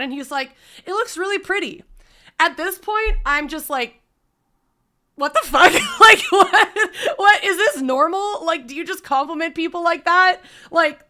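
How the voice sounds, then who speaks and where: A woman streamer casually telling a story to her chat, animated and swearing freely. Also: high-pitched. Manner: animated, swears freely, breaks into loud laughs.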